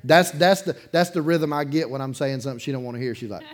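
A man preaching a sermon as pastor in his church, telling a story in a loose, conversational way, chuckling between sentences and swinging from loud bursts to quiet asides. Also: a little high, quick pace. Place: church sanctuary, in front of a congregation.

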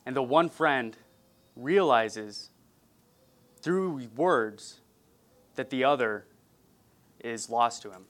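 A man from California preaches at a middle pitch in an earnest, measured way. He speaks plainly and warmly to a congregation, now and then easing in some gentle humor. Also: lively intonation. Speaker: pastor. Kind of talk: sermon.

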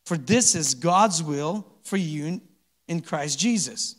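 A man delivers a sermon in a fairly high voice, chatty and relaxed, often pausing for the congregation to answer. He breaks into small chuckles between his points. The sound carries a long reverb, as in a church sanctuary. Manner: conversational, asks the congregation to respond. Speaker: pastor.

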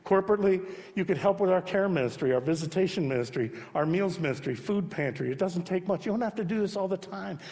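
A man preaching a sermon as pastor, emphatic, swinging between loud urging and soft hushed repetition. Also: sits high, lively intonation, quick pace, few pauses. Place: church sanctuary. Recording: long hall reverb.

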